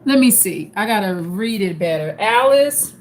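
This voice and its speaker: A woman's voice: medium pitch, animated, moderate pace, slight background noise. A woman hosting a live stream, chatting casually and greeting viewers by name as they join.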